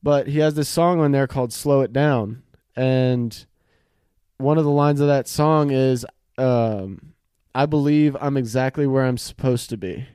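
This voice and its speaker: A man's voice: medium pitch, unhurried, mellow, smooth, no room sound, clean studio sound. A young man co-hosting a podcast, joking around in casual banter, laughing often and swearing. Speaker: podcast co-host. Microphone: desk mic in front of laptop.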